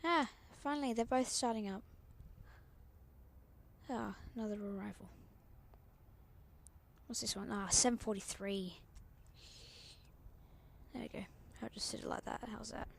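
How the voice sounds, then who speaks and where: A woman's voice: fairly high pitch, unhurried, creaky, long pauses, a little hiss or hum. A Scottish woman hosting a live planespotting stream, rambling chattily and often dropping to a half-whisper. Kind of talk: casual live-stream chat.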